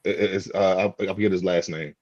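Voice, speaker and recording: Male podcast guest on a call, halting trash-talker, muffled and dry. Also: sits low, fairly even intonation, darkish tone, no echo. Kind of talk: casual sports chat.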